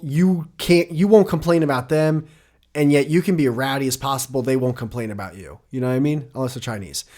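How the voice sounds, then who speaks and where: A man hosting a casual podcast, talking in a teasing, animated way and often cutting in over his co-host. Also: medium pitch. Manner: teasing, animated, talks over the other speaker.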